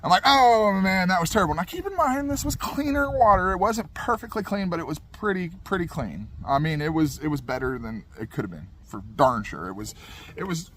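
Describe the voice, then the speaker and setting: A young man with a slightly high voice tells a personal story in a loose, rambling way. He repeats himself and talks in a laid-back, unhurried manner, with faint noise behind him. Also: sing-song, a bit bright.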